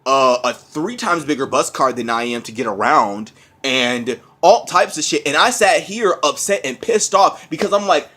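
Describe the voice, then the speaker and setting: A man's voice: on the high side, sing-song, moderate pace, pushed and bright. A sick man coughing through a profane, heated rant on his vlog. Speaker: vlogger. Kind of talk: angry ranting vlog.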